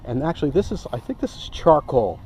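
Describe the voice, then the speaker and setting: A man's voice: a little high, sing-song, a little fast, dark tone, slight background noise, rough recording. A man walking through his hammock setup outdoors in a casual vlog, enthusiastic and rambling, often breaking off mid-sentence. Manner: enthusiastic, rambling, self-interrupting. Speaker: outdoor gear reviewer. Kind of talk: casual gear demo vlog. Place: outdoors by a hammock among trees.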